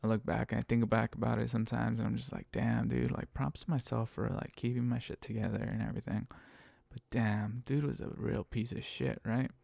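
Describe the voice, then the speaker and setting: Gravelly man swearing through a driver story. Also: mid-range voice, little pitch movement, brisk, darkish tone, no echo. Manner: heavy swearing, emphatic and exasperated. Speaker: rideshare driver telling stories. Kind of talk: casual storytelling monologue.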